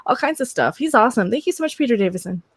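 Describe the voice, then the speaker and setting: High, lively woman chatting on a stream. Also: very fast, slightly rough, dry recording, clean studio sound. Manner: chatty and giggly, tells anecdotes, acts out little quoted lines. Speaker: panel guest. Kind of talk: casual live stream chat.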